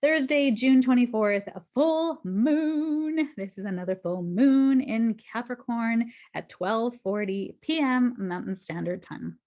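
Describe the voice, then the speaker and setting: A woman's voice: on the high side, animated, slow, few pauses, dull audio. A woman giving a casual weekly astrology forecast, chatty and reassuring, often laughing as she talks.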